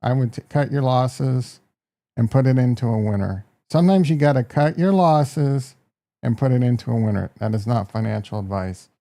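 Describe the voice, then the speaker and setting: A man with a Midwestern American accent runs a casual live market stream. His voice is mellow and warm, sitting at an everyday pitch. He's brash and joking, reacting to tickers and tossing remarks at viewers. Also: lively intonation, normal speed. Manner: brash, joking, talks to chat. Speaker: market livestream host.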